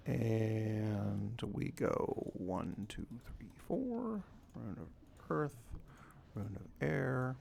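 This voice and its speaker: A man's voice: medium pitch, creaky, darkish tone. A man with a scratchy voice giving casual, rambling gameplay commentary as a let's play host, chuckling at himself. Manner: rambling, self-deprecating, chuckles often.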